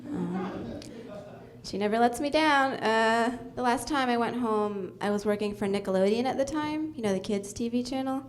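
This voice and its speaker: A young woman doing a deadpan stand-up comedy set on a club stage, with many ums and uhs. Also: fairly high pitch, normal speed.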